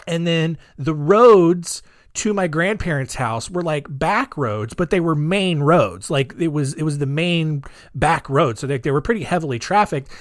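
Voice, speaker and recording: A man's voice: on the high side, expressive, unhurried, no echo, clean studio sound. A man hosting a podcast, telling a story in a chatty, rambling way with sarcastic asides. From United States. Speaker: podcast host.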